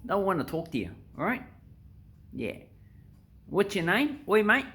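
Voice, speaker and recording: A man with an Australian accent voicing a rude, loud-mouthed Aussie bloke who shouts and swears to call someone over. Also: high voice, big pitch swings, a little slow, pitched above the performer's own voice, heavily acted. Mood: yelling, crude.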